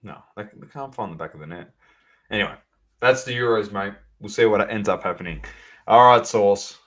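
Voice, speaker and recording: A man co-hosting a sports podcast, chatting casually and animatedly, calling out to the audience as ladies and gentlemen. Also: lowish voice, moderate pace. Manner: animated, banter-heavy, addresses listeners as ladies and gentlemen. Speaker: podcast co-host.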